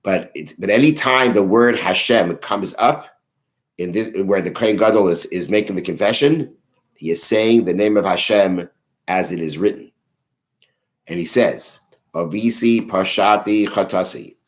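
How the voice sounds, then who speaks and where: Deep-voiced man teaching a Mishnah lesson. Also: normal speed, rough recording. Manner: reads Hebrew phrases then translates line by line, with frequent restarts. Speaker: teacher of a daily Mishnah class. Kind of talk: religious text study lesson.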